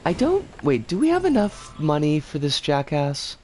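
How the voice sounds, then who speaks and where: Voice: huge pitch swings, normal speed, slight background noise. A game streamer chatting casually over gameplay and greeting viewers by name. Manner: chatty, greets viewers warmly, swings pitch a lot. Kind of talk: casual live game commentary.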